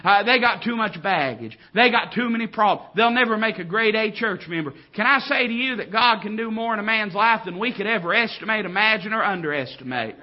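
High-voiced preacher, loud and soft. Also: male voice, animated, muffled recording. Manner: swings from quiet to loud, exclaiming and drawn-out. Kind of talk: sermon.

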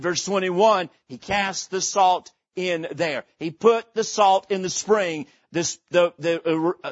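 A man's voice: high voice, fairly bright tone, no room sound, highs cut off. A man preaching a sermon from a church pulpit, emphatic and repetitive, telling stories to make his point. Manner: emphatic storytelling preacher, repeats phrases. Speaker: pastor.

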